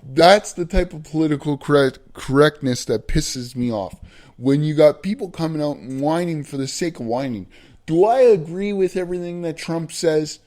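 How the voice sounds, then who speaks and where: A man ranting bluntly in an opinion vlog, profane and emphatic, slowing down to hammer his points. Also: on the high side, darkish tone. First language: not American. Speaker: vlogger.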